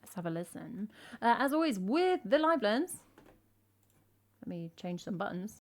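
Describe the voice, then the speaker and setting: A woman's voice: medium pitch, very animated, a little slow. Chatty English woman streamer. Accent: English, drops T's. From England. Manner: chatty, self-mocking, rambling asides. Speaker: streamer and singer-songwriter. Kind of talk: casual chat on a music livestream.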